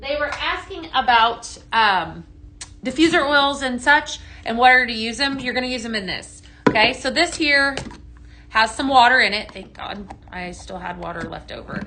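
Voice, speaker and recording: A woman's voice: a little high, expressive, normal speed, sharp tone, a little hiss or hum. A woman hosting a live home-fragrance sales stream, chatty and full of ums and okays, greeting viewers by name while demonstrating products.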